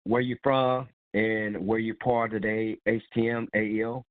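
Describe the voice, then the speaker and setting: A man's voice: on the low side, flat delivery, normal speed, no echo. A man hosting a casual live call-in chat, congested with a cold, talking in a loose, rambling way. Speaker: host of a call-in live show. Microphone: phone call. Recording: dry tinny phone line.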